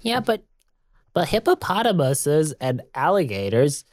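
A man's voice: fairly high pitch, big pitch swings, unhurried, dry recording, pitched above the performer's own voice. A man voicing an earnest, worried eight-year-old girl with a nasal voice. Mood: insistent.

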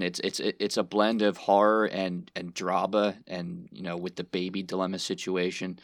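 A man's voice: deep voice, a bit bright, dry recording, studio quality. A man co-hosting a casual review podcast, rambling and thinking aloud with fillers. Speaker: podcast co-host, movie reviewer. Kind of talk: casual chat.

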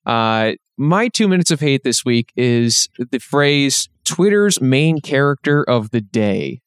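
A man's voice: medium pitch, big pitch swings, slow pace, clean tone, no echo, studio quality. A man co-hosting a podcast, talking in a sardonic, rambling way with lots of fillers. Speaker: podcast co-host. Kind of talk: casual podcast chat.

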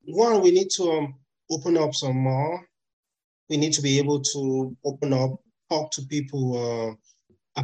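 A man's voice: a little high, a little mellow, rough recording. A middle-aged man from Nigeria, a therapist guest in an interview, talking reflectively with many fillers and restarts. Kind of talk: conversational interview.

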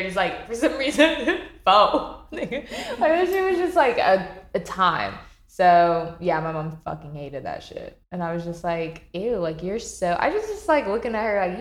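Lively young woman, echoey room. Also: mid-range voice. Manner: expressive, laughing, swearing. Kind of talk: casual chat.

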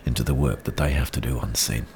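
Middle-aged Kiwi man, heartfelt and encouraging, very low voice, recorded outdoors. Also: steady tone, quick pace, creaky, darkish tone. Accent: New Zealand. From New Zealand. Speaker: podcast host sharing personal experience. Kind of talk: reflective personal monologue. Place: outdoors in wind. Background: faint wind.

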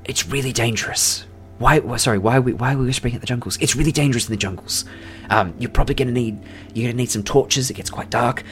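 A man's voice: medium pitch, quick pace, soft background music, voice pushed up, close to an everyday voice. A man voicing a nervous young male shop intern who stammers anxiously.

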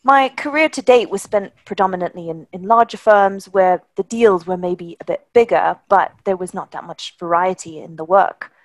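A woman's voice: on the low side, moderate pace, hardly any pauses, no echo. A woman from Germany, a native German speaker, co-hosting a podcast with polished, prepared remarks. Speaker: podcast co-host, lawyer.

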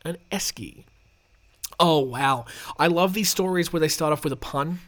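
A man's voice: a little high, moderate pace, a bit bright. An Australian man hosting a podcast, reading news stories aloud with sarcastic, rambling asides and casual swearing. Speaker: podcast host.

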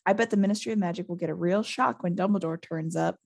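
A woman's voice: lowish voice, fast, gravelly, a little mellow. A woman reading as a determined eleven-year-old boy, urgent and earnest.

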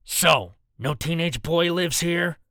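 A man voicing a cold male gunman who speaks in flat, clipped, businesslike lines. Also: on the high side, slow, no room sound, studio quality, exaggerated voice. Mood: curt.

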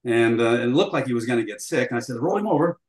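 A man's voice: medium pitch, fast. An older man recounting a story as an interview guest, acting out dialogue as he goes, with frequent fillers. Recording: roomy echo.

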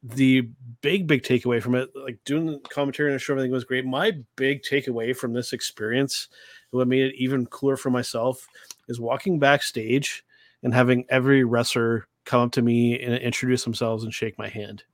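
A man co-hosting a wrestling podcast, speaking earnestly and haltingly with many restarts. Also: mid-range voice, little pitch movement, dry recording. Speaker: podcast co-host. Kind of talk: casual chat.

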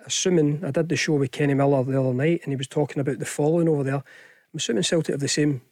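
Chatty Scottish pundit, raised pitch. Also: male voice, steady tone, racing, darkish tone, dry recording, clean studio sound. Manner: chatty, hesitant, many restarts. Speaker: football pundit, former player. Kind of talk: casual sports radio punditry. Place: radio studio. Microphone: studio microphone.

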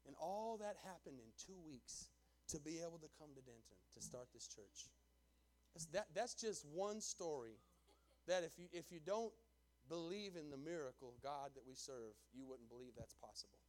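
A male pastor telling a story in a sermon, emphatic and animated, swinging between hushed asides and loud declarations. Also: on the high side, moderate pace. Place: church sanctuary before a congregation.

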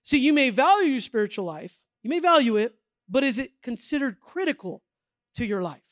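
A man's voice: lively intonation, fairly quick, a bit bright, no room sound, clean studio sound. A middle-aged man preaching a sermon, telling a personal story in a casual way, full of asides and acted-out quotes. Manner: conversational storytelling with filler words like man and okay; acts out quoted voices with big pitch swings. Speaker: pastor.

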